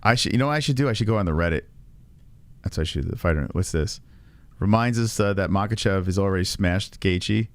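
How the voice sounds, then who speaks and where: A man's voice: low-pitched, quick pace. A man hosting a casual reaction stream, swearing freely and laughing often. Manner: profane, laughs often, animated. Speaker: streamer host.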